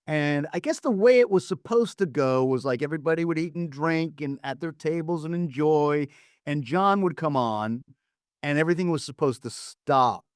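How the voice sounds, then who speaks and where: A man with a somewhat high voice tells a story in a relaxed podcast chat. He gets animated and acts out the people he quotes with big jumps in pitch. The sound is close and dry, with no room around it. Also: normal speed, dry recording. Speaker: former record promotion man, guest storyteller.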